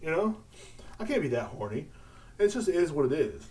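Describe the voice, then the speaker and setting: A man talks loosely on his own podcast, restarting sentences and stacking filler words. He swears often, and his pitch rises and falls in lively swings. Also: normal speed. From United States. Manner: rambling, profane, lots of filler words and restarts. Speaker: podcast host. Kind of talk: casual solo podcast rant.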